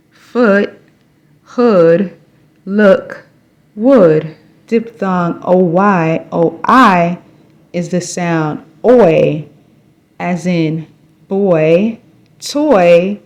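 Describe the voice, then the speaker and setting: A woman teaching phonics, reading sounds and example words one at a time with long pauses between them. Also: on the low side, darkish tone. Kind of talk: slow, paced phonics instruction.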